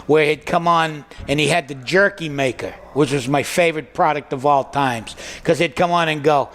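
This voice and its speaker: A man, a guest comedian, telling stand-up stories in an animated, excitable way and doing quick voice impressions. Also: fairly high pitch. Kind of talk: stand-up storytelling.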